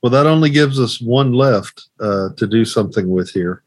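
A man's voice: medium pitch, lively intonation, normal speed, dry recording. A man co-hosting a casual movie podcast, running through lists with lots of ums and restarts. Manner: rambling, filler-heavy list reading. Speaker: podcast co-host.

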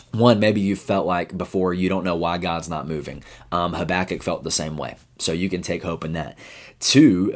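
A youth pastor with a very low voice gives a daily Bible devotional. He talks casually and earnestly. He keeps asking his listeners rhetorical questions. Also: a little mellow.

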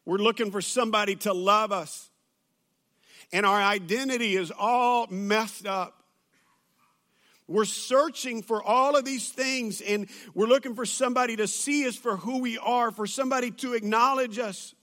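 A man's voice: high voice, steady tone, moderate pace, bright, forceful tone. A man, a pastor preaching a sermon to a church audience, telling stories with humor and plenty of fillers and restarts.

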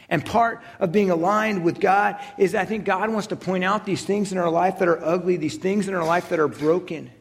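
Man, 30s, pastor, sermon, conversational, self-deprecating, slightly high voice. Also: steady tone, normal speed, hardly any pauses. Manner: conversational, self-deprecating, frequent "right?" tags.

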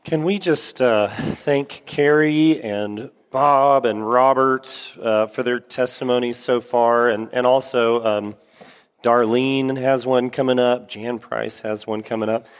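A man's voice: medium pitch, fairly even intonation, slow pace, smooth. A man preaching a sermon as pastor, talking casually with fillers and restarts, then reading scripture. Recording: echoey hall.

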